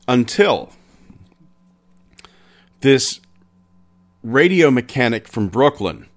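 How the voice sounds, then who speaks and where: A man hosting a podcast, retelling an old crime story in an unhurried, conversational way with pauses. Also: mid-range voice. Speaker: podcast host.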